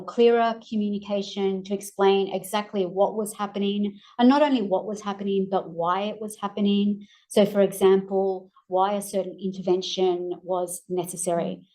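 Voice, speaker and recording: A woman with an Australian accent presenting research findings in a measured way with frequent ums, her voice going hoarse. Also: medium pitch, warm tone, poor audio. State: losing her voice. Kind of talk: academic presentation.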